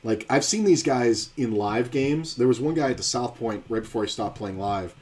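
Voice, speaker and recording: A man's voice: medium pitch, animated, normal speed, darkish tone. A man streaming online poker, talking through his hands in a blunt, profane way as he thinks aloud. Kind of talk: live-stream poker commentary.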